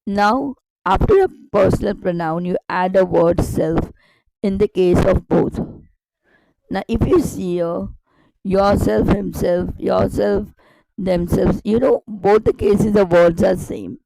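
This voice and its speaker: A woman's voice: mid-range voice, slow, gravelly, mellow, dry recording, low-quality recording. A woman teaching a grammar lesson online, explaining step by step with repetition and rhetorical questions.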